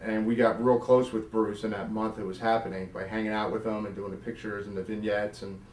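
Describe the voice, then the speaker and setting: A man's voice: fairly low pitch, brisk, a little hiss or hum. Middle-aged guy from south jersey telling stories, swears a lot, sounds a bit distant and roomy. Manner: animated, swears freely, acts out quotes. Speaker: guest, former wrestler. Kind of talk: storytelling interview.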